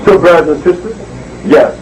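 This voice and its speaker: A man's voice: fairly high pitch, expressive, normal speed, a little mellow, far from the mic, slight background noise, poor audio. A man giving an emphatic, preachy lecture to a live audience, repeating words for force. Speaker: speaker addressing an audience. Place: indoor evening gathering.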